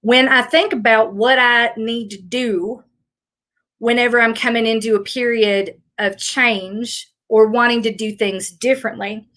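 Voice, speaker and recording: This is a woman from rural Tennessee with a Southern lilt, talking through a casual live Q&A as a fitness coach. Her voice sits a little high, and she rambles in an easy, self-mocking way. She sounds middle-aged. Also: fairly bright tone. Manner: chatty, rambling, self-deprecating.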